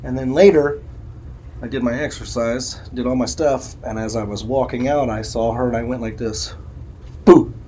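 A man's voice: medium pitch, fairly even intonation, a little fast, hardly any pauses, a little mellow, a little hiss or hum. A man from Illinois co-hosting a podcast, telling stories bluntly with laughs in casual chat. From Alton, Illinois. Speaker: podcast co-host.

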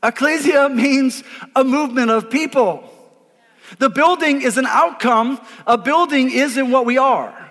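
A man, a pastor preaching an energetic sermon, emphatic and repeating words as he calls on the congregation to answer. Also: very high voice, a little slow. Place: church auditorium before a congregation. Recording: live in a reverberant hall.

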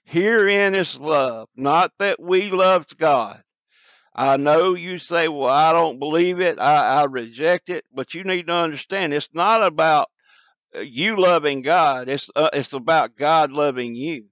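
A man preaching an evangelistic sermon, slow and earnest, pleading with his listeners. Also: a little high, a bit bright, dry recording, rough recording.

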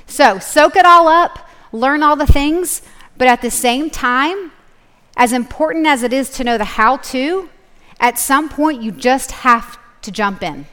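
A woman teaching a live Bible study, her voice a little high and carrying a long echo through a large hall. She talks in a relaxed, chatty way, laughing easily and checking in with her listeners. It sounds like a talk given from a stage to a room full of people. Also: unhurried, clear, resonant tone. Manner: casual, laughing, keeps checking in with "okay?". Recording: echoey hall.

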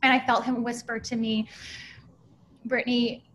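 A young American woman recounts a heartfelt personal story as a podcast guest. Her voice sits a little high, and she stops and restarts often. A faint hiss sits under the recording. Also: fairly even intonation, a bit bright, dull audio. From United States. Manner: emotional, halting, many restarts. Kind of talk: personal faith story in casual conversation.

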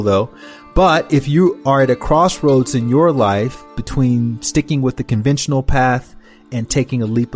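A man hosting a podcast who introduces his guest and then interviews her in a friendly, teasing way. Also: medium pitch. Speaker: podcast host. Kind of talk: casual interview.

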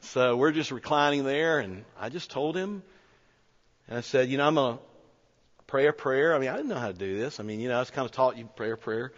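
A man's voice: medium pitch, a little fast. Male pastor, conversational sermon storyteller, earnest, echoey hall. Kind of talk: sermon told as a personal story. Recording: echoey hall, dull lo-fi sound.

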